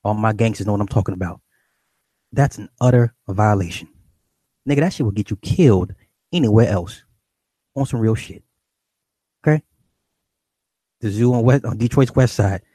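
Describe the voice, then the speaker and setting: Profane, animated middle-aged man ranting. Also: on the low side, normal speed, pauses often, dry recording. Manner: animated, swearing, repeating and restarting phrases. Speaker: streamer addressing viewers. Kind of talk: casual profane rant.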